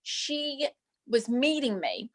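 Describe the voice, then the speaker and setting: A woman's voice: high voice, very animated, slow, exaggerated voice. A woman playing a gossipy celebrity manicurist. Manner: rambling, breezy gossip, calls everyone darling and doll. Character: gossipy female celebrity manicurist, flamboyant Hollywood diva. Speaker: guest. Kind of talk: improvised comedy character interview.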